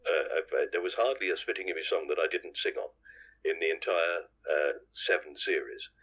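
A man's voice: sits low, fairly quick, fairly bright tone, rough recording. An older English man, a guest on a podcast, telling rambling anecdotes with self-corrections and chuckles. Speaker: podcast guest, actor and singer. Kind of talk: anecdotal interview chat.

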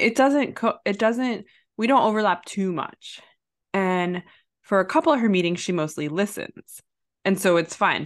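A woman tells an anecdote from work in casual chat, animated and jumping high in pitch when she quotes herself. Her telling is full of fillers and restarts, and she laughs along the way.

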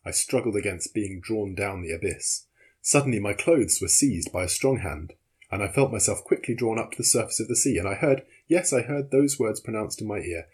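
A man with a husky voice reading a novel aloud as audiobook narrator, in a measured, steady way. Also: fairly low pitch. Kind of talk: scripted narration.

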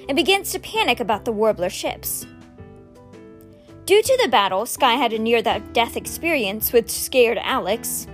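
A woman hosting a read-aloud podcast, reading a novel in an expressive storytelling manner. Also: a little high.

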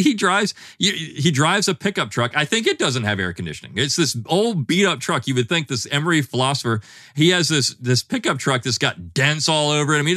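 A man speaking as a guest historian in a podcast interview, animated, with frequent restarts and fillers. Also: on the high side, no echo, studio quality.

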